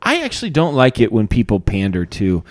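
Animated, self-mocking man hosting a podcast. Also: on the low side, a little fast. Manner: animated storyteller, laughs at himself. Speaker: podcast host. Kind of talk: casual chat.

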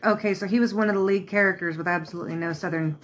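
A woman's voice: lowish voice, fairly even intonation, rapid-fire. A woman co-hosting a podcast in casual chat, blunt and opinionated. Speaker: podcast co-host.

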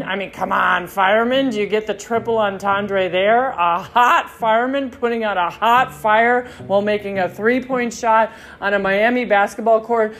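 Rambling, excitable woman podcast host. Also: fairly high pitch. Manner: rambling, excitable, swears freely. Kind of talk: casual monologue.

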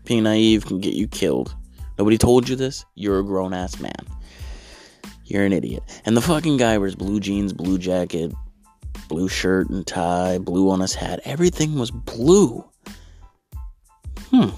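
Low-voiced guy ranting about a movie, swears a lot, voice swings all over, bit of music in the back. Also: sing-song, a little slow, pauses often, a little mellow. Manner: sarcastic, crude, ranting. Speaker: comedic movie reviewer. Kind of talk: profane comedic movie riff.

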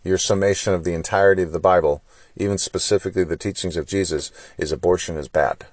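Deep-voiced man lecturing in rhetorical questions. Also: fairly even intonation, fast, darkish tone, no room sound. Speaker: podcast host. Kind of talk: solo opinion monologue.

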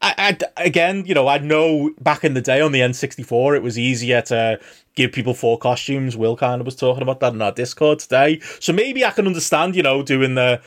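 A man co-hosting a casual podcast chat, animated and rambling, laughing often between points. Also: mid-range voice, brisk. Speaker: podcast co-host.

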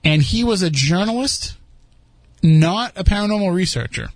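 A man's voice: sits high, expressive, moderate pace, no echo. A man hosting a podcast, chatting casually and rambling with frequent restarts. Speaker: podcast host. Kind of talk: casual chat.

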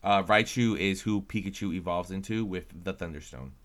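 A man's voice: low-pitched, moderate pace, a bit bright. A man co-hosting a casual chat show, talkative and playfully teasing. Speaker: podcast co-host.

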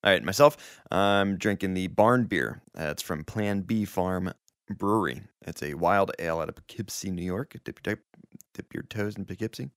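A man's voice: low voice, normal speed, no room sound, studio quality. A man hosting a casual beer podcast, joking with friends and reading out news items. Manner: jokey, reads news items aloud. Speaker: podcast host.

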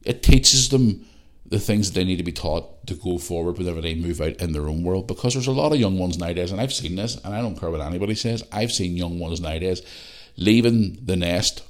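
Blunt, swearing man with a deep voice. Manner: blunt, ranting, swears freely. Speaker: podcast host. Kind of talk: casual monologue.

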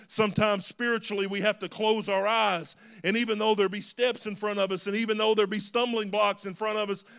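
Male pastor, high pitched, smooth clear voice, earnest sermon in a church. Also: pushed and bright. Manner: earnest preaching, rising to emphatic calls. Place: church sanctuary.

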